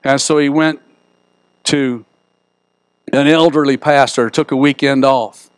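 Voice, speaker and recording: A man's voice: medium pitch, fairly even intonation, unhurried, clean tone, no echo. A middle-aged man preaching a sermon in a church, folksy and joking as he tells stories. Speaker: pastor. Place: church sanctuary.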